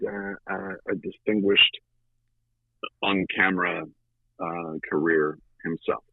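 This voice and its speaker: A man guesting on an interview show, telling a story in a lively conversational way with dramatic pauses. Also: sits low, creaky, husky, no room sound. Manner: animated, with dramatic pauses and fillers. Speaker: guest, audiobook narrator. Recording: tinny phone-like line.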